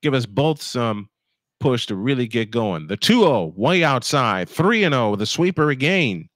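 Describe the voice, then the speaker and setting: A man in his fifties doing live fan play-by-play of a baseball game, goofy and chatty between pitches, correcting himself as he goes. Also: very animated, moderate pace, a bit bright, no echo, studio quality. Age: 50s. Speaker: play-by-play announcer.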